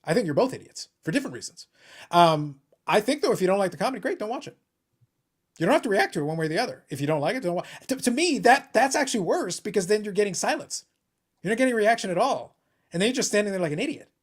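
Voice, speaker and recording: A man's voice: sits high, big pitch swings, quick pace, breathy edge. A man hosting a casual live stream chat, blunt and opinionated, often stammering and repeating words as he starts a point. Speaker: host of a hobby live stream.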